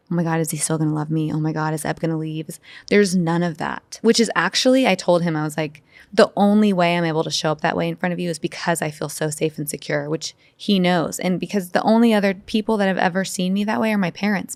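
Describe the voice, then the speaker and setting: A woman guest on a podcast, talking in an open, animated storytelling way, her speech full of fillers. Her voice sits a little low, and it is recorded dry and close with no room sound. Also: gravelly, no room sound. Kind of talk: casual interview conversation.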